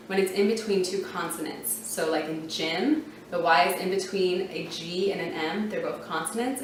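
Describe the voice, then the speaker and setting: A woman explaining reading rules in a relaxed, chatty way, often saying um and spelling out letters one by one. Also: fairly low pitch, slight background noise. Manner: chatty, uses fillers like um and you know, spells out letters slowly. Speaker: reading teacher. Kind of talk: casual teaching explanation. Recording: very echoey room, voice from a distance.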